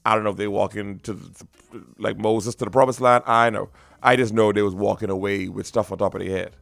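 A man co-hosting a casual talk show, animated, his voice jumping high when he makes a point. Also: fairly quick, vocal fry, dry recording. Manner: animated, pitch jumps high when emphatic. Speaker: podcast co-host. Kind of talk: casual chat.

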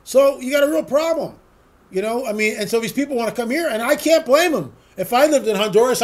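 A man with a notably high-pitched voice delivers a solo political commentary monologue. He rambles from point to point, leans on sarcastic rhetorical questions and repeats words for emphasis.

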